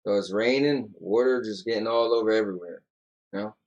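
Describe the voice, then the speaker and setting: A man's voice: fairly low pitch, fairly quick, darkish tone, muffled recording. A tired young man co-hosting a casual podcast, rambling loosely and reading out viewer comments. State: yawning, tired. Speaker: podcast co-host.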